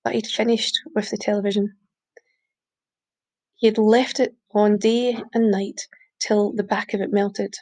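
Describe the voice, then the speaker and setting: A woman reading a short story aloud, steady, with small slips she corrects. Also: medium pitch, measured pace, long pauses. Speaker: reader. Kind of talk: audiobook reading.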